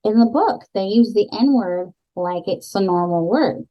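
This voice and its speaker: Woman co-host, easygoing book talk, mid pitch, a bit muffled lo-fi sound. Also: a little slow. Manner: relaxed, talkative, with fillers. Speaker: podcast co-host. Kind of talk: casual book chat. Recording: slightly dull lo-fi podcast audio.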